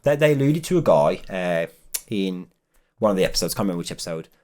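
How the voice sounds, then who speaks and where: A man co-hosting a casual chat, relaxed, steering the talk with questions. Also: low voice, fast talker. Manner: relaxed, leads the questions, says "reckon" and "brilliant". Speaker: podcast co-host.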